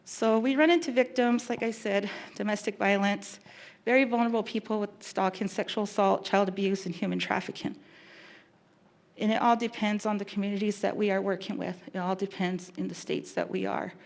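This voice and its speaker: A woman who works as a victim specialist giving an earnest, emotional talk, pausing and restarting as she goes. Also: medium pitch, fairly even intonation, vocal fry. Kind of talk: public talk.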